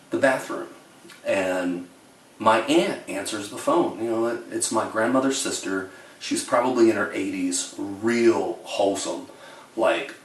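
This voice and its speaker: A man telling funny childhood stories to his camera in a wry, deadpan way. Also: fairly low pitch, distant mic. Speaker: storyteller. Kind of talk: comic storytelling to camera. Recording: roomy, away from the mic.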